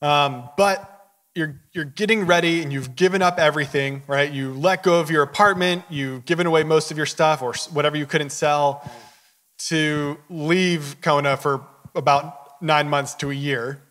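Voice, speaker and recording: A man's voice: on the high side, steady tone, moderate pace, fairly bright tone, in a large hall. A man hosting a casual interview chat, asking rambling questions in a friendly, joking way. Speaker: live-stream host.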